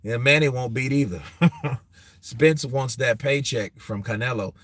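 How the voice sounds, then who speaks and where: A man hosting a boxing talk show, answering viewers in a casual, animated, profane way, and laughing often. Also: medium pitch, measured pace, dry recording.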